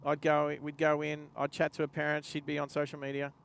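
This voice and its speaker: Gravelly Australian bloke telling a story. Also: male voice, on the high side, monotone, fairly quick, a little hiss or hum. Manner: rambling anecdote, chuckling to himself. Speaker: driving livestream host. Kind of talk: casual storytelling while driving. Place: inside a car.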